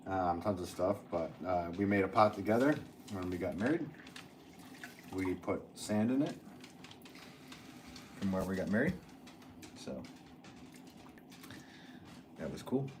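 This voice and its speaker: Middle-aged man, potter hosting a casual livestream; low, relaxed, rambling delivery over a noisy studio background. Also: a little slow, pauses often. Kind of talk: casual live-stream chat reading comments.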